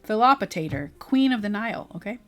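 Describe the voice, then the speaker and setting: A woman's voice: medium pitch, animated, a little fast, fairly bright tone, soft background music, close to an everyday voice. A woman voicing a vain, queenly female cyber ghost, talking in a grand, self-important way while reading game dialogue aloud. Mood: grandiose.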